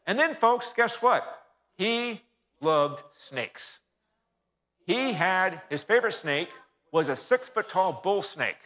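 In a reverberant church hall, a male guest speaker gives a folksy, sermon-style history talk, often turning to the audience and calling them folks. His voice is high, pushed, and bright, with lively intonation and a slow pace.

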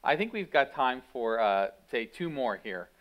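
A man moderating a public onstage conversation and taking audience questions, relaxed with wry asides. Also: medium pitch, unhurried, highs cut off.

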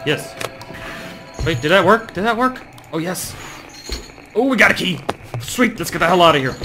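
A man's voice: sits high, lively intonation, normal speed, pauses often, bright, forceful tone. A young man playing a horror game, nervous and jumpy, talking to himself as he searches and reads notes aloud. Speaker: gaming YouTuber. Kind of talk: horror game let's play. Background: game music.

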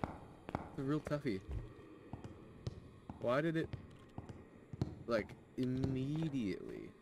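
A man's voice: mid-range voice, expressive, slow, creaky, background noise. A man in casual chat with friends while playing a game, often stumbling and restarting his words. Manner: hesitant, stumbling over words. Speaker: gamer.

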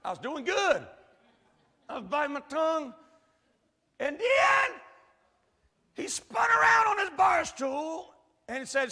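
Preacher guy, high bright voice, folksy storytelling, big echoey church. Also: big pitch swings, takes it slowly, creaky, pauses often. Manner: folksy storyteller, swings from quiet asides to shouted preaching. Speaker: pastor. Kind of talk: sermon storytelling. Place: large church hall.

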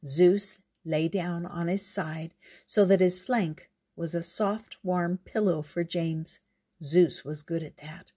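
A woman reading a picture book aloud in a gentle, unhurried storyteller's way. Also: fairly low pitch, steady tone, husky.

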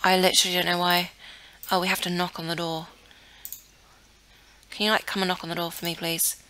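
A woman's voice: on the low side, flat delivery, fairly quick, bright, forceful tone. A young woman giving casual commentary on a life-sim game, chatty and easily flustered, talking to the characters on screen. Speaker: let's play gamer.

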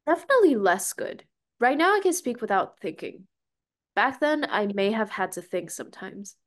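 A woman's voice: mid-range voice, very animated, moderate pace. A woman in her twenties, a content creator from Beijing who speaks with an American accent, answering interview questions in a breezy, offhand way. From Beijing, China. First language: Mandarin Chinese. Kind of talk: casual interview.

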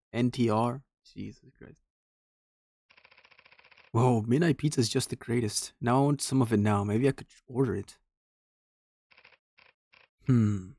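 A man's voice: medium pitch, a little mellow, no room sound. Gamer guy, mid voice, dry close mic, talks to himself while playing. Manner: talks to himself, reads game text aloud. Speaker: streamer playing a horror game. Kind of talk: casual let's-play commentary.

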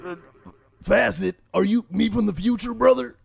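A man's voice: high voice, moderate pace, a crowd in the background, voice pushed up. A man doing a comic impression of a flustered wrestler who insists he is not racist, saying "brother" constantly. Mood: confused. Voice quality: gravelly, says "brother" constantly. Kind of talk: comedy impression sketch.

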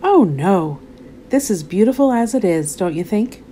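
A woman voicing a kind, patient male bedtime owl in a storybook read-aloud, speaking in a gentle, coaxing way. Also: mid-range voice, lively intonation, normal speed, a little hiss or hum, natural voice.

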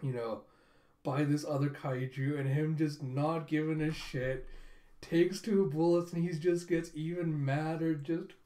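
Excitable man recapping a comic. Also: a little high, unhurried. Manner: excited, rambling, recaps with laughs. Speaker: comic reaction reviewer. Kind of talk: casual comic recap and reaction. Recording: roomy echo.

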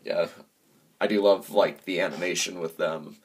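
A man giving a casual movie review, pausing often with filler sounds as he gathers his thoughts. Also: deep voice, fairly even intonation, breathy edge. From United States. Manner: halting, many filler pauses. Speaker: film reviewer.

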